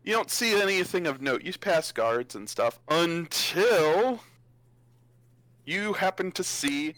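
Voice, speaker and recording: A man's voice: a little high, lively intonation, slow, a bit bright, no room sound, low-quality recording. A man narrating as game master in a casual tabletop game, often laughing.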